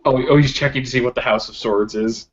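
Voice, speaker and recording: A game master talks fast in a medium-pitched, fairly even voice while narrating a tabletop role-play. He laughs a lot and uses many fillers. The recording is from a dull lo-fi mic with faint noise.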